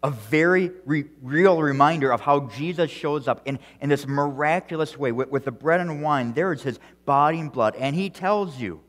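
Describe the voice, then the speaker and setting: A male pastor preaching an earnest sermon, repeating words as he goes and swinging between loud emphasis and quiet, soft phrases. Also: on the high side, moderate pace, hardly any pauses, long reverb tail. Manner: earnest preaching with frequent restarts and strong swings in loudness.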